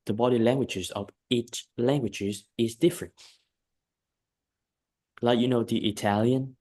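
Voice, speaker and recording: A man's voice: mid-range voice, fairly even intonation, measured pace, long pauses, a little mellow. A man teaching English one-on-one, giving emphatic, repetitive advice and often checking in with his student. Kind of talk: one-on-one lesson feedback.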